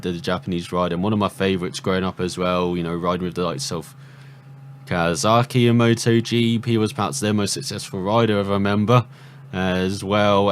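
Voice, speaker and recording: A man commentating a motorbike racing video game, excitable on the racing, then rambling casually through the results. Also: sits low, slight background noise. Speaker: gaming commentator. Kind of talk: mock race commentary over gameplay.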